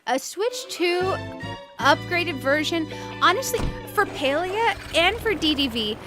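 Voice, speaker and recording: High-voiced giggly woman streamer. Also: lively intonation, a little slow, over music. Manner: chatty, giggly, reads chat aloud and rants playfully. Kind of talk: casual live-stream chat while gaming.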